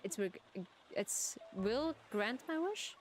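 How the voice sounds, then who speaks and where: A woman's voice: on the high side, expressive, slow pace, slight background noise. A woman streamer with German as her first language, reading game text aloud and chatting while she plays, giggling and restarting words. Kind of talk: live game playthrough commentary.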